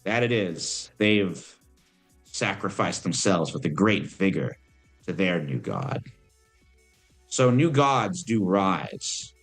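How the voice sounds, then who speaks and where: A man voicing Lilith, an ancient female demon who is calm and worldly, speaking in a measured, musing way. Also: low voice, breathy edge, soft background music, exaggerated voice.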